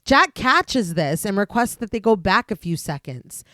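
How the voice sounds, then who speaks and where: A woman co-hosting a podcast, narrating a detailed film plot recap in a steady voice. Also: medium pitch, measured pace, dry recording, studio quality. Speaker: podcast co-host.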